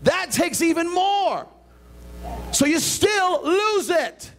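An older man preaching a sermon as a pastor, animated and conversational, with a hands-on demonstration. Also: takes it slowly. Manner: animated preaching with a hands-on demonstration, jumping between high and low voices. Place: church sanctuary.

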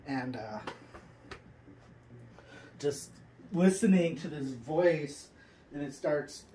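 A man with a medium-pitched, darkish voice talks a listener through an imagined scene, casual and rambling with many filler words. The recording is low quality with slight background noise.

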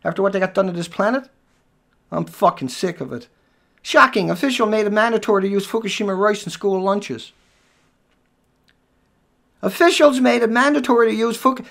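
A man delivering an angry, profanity-filled rant over news headlines, swinging between shouts and low muttering. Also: fairly quick, vocal fry, long pauses. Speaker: video commentator.

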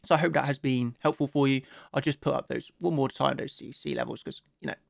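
A man's voice: mid-range voice, steady tone, fast talker, gravelly, dry recording, clean studio sound. A man hosting a casual trading analysis talk, chatty and upbeat, with many "you know" fillers. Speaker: crypto trading analyst host.

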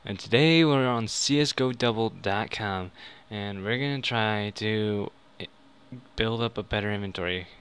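An excitable young man talks casually at his desk microphone at home, his voice bright and forceful. He drops to mutters one moment and yells the next as he bets and cheers. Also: on the low side, moderate pace, smooth. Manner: excitable, swings from mumbling to shouting. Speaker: gaming YouTuber. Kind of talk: casual gambling commentary. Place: home room.

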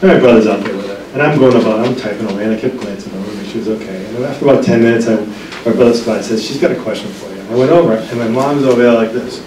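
Chatty middle-aged pharmacist lecturing in echoey room. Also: male voice, medium pitch, racing, noisy background. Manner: chatty storyteller with frequent restarts and ums. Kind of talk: humorous anecdotal lecture. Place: library meeting room. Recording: echoey room, distant mic.

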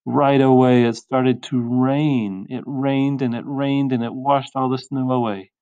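A male teacher reads a children's picture book aloud, slow and expressive in his telling. The sound is dry with no room echo, and muffled and lo-fi. His pitch sits in the middle range. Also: clean tone.

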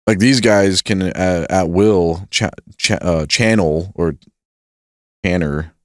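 A man's voice: low voice, slow pace, dry recording, studio quality. A man co-hosting a podcast in casual, joking chat, often trailing off and restarting. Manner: rambling, joking, trails off mid-sentence. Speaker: podcast co-host.

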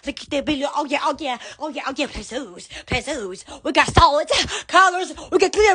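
A woman hosting a rambling live stream, giddy and laughing constantly, breaking into sudden shouts and squeals. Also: high voice, expressive, fairly quick, few pauses.

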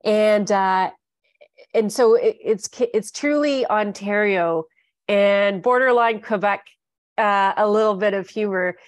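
A Canadian woman hosting an interview, chatty and animated, drifting into tangents. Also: mid-range voice, takes it slowly, dry recording, clean studio sound. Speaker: interviewer host. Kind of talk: casual interview chat.

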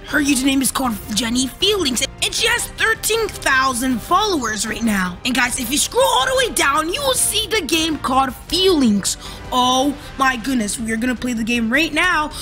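A young woman hosting a gaming channel, giving excited commentary on a game and gasping and repeating herself as she goes. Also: high-pitched. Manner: breathless, repetitive, keeps saying "literally" and "oh my gosh".

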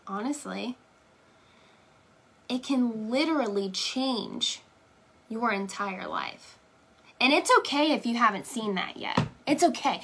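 A woman's voice: on the high side, pushed and bright, slightly rough. A young woman leading a sales team, giving an emphatic motivational talk on a live stream and checking in with "okay?" after nearly every point. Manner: emphatic, repeats "okay?" and "right?". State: tearing up. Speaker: direct sales team leader.

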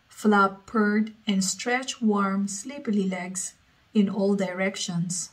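A woman reading a story aloud as a storyteller, slowly and evenly. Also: mid-range voice, low-quality recording.

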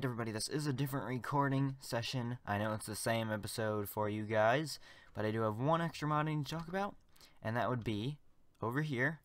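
Excitable male gameplay host, casual chatter that repeats itself and jumps to yelling, clean USB desk mic, middle-pitched. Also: a little fast. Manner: excitable, repeats short phrases, yells during fights. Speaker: gaming channel host. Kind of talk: casual game commentary. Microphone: USB desktop microphone.

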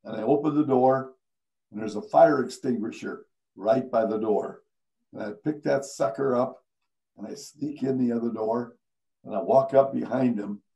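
An older man, a veteran radio announcer, telling stories on stage at a live event, animated and acting out the people he quotes. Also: mid-range voice, vocal fry, low-quality recording. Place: live event before an audience.

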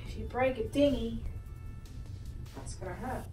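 A woman's voice: on the high side, unhurried, long pauses, warm tone. A woman vlogging while she cleans her messy bedroom, joking and talking to her belongings in goofy running commentary, recorded by a camera set across the room. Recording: echoey room, far from mic, music behind.

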